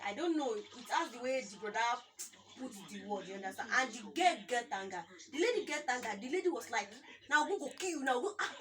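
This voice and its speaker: A young Nigerian woman with a Nigerian accent, chatting casually as co-host and telling stories animatedly, taking on other people's voices. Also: on the high side. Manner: animated storyteller acting out quoted people. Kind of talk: casual chat. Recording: far from the mic, with music behind.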